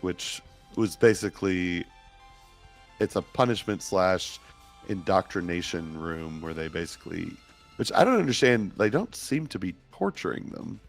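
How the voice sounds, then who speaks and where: A man's voice: low voice, animated, normal speed, gravelly, soft background music. A man co-hosting a podcast, chatting casually and rambling as he loses his train of thought. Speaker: podcast co-host. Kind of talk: casual chat.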